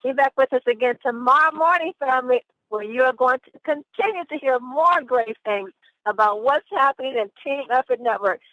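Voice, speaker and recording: A woman's voice: high-pitched, a bit bright, no echo. Upbeat woman hosting a phone call. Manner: upbeat and affectionate, calls listeners family. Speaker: host. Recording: dull dry phone line.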